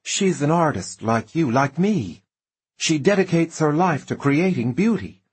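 A man voicing an aging flamboyant male writer, drunk and wistful, with a husky, pitched-up, fluttery delivery. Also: slow. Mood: pleading. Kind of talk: audiobook character voice.

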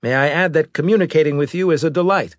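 A man voicing a cunning starship captain who talks smoothly and with false politeness. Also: on the high side, fast, no room sound, studio quality, voice pushed up, close to an everyday voice. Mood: smoothly polite.

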